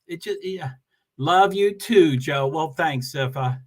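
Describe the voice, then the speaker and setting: A man's voice: a little high, slow. A man hosting a casual livestream from home, chatting alone and reading viewer comments aloud in a rambling, self-deprecating way.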